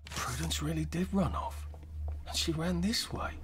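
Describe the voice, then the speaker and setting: A man's voice: on the high side, moderate pace, background noise, close to an everyday voice. An actor playing an anxious male clerk on the run in a video game, muttering to himself. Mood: wondering.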